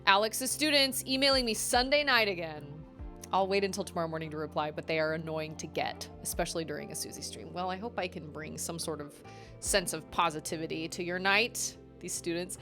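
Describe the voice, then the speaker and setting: A young adult woman, a live streamer, telling stories in a chatty, animated way with quick asides. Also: lowish voice, soft background music. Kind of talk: casual storytelling on a live game stream.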